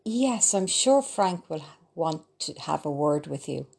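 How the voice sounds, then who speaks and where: A woman reading the lines of an eager, affectionate young daughter in a storybook, in a low, creaky voice. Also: very animated, a little slow, a little mellow, full character voice.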